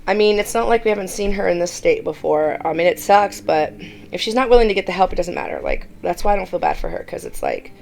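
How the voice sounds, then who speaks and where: Blunt, gravelly woman doing reaction commentary. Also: fairly low pitch, sing-song, fast, darkish tone, slight background noise. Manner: blunt and exasperated, mimicking others. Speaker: commentary YouTuber.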